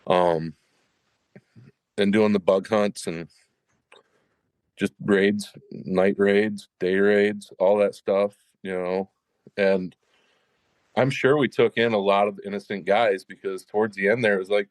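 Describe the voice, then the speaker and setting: A man's voice: fairly low pitch, steady tone, takes it slowly, pauses often, no echo. A man, a military veteran, talking on a podcast in a rambling way, full of fillers. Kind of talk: casual podcast conversation.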